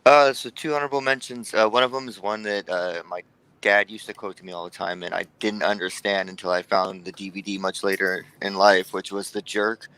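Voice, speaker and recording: A man co-hosting a podcast in casual chat, telling relaxed stories and imitating what others said. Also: lowish voice, a little fast, clean tone, low-quality recording. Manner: relaxed, storytelling, mimics others' remarks. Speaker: podcast co-host.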